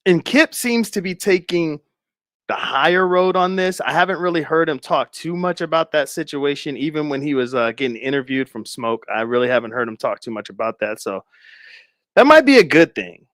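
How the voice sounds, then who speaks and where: Animated man gossiping over a dry mic. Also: fairly high pitch, normal speed, no room sound. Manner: laughing, rambling, speculative gossip. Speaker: commentary streamer. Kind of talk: casual commentary chat.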